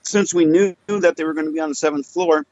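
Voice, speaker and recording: A man's voice: a little high, fairly even intonation, fast talker, darkish tone, no room sound, highs cut off. A man telling loose, rambling anecdotes as a guest in a casual podcast chat. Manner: rambling, loose, with frequent fillers. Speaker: guest storyteller.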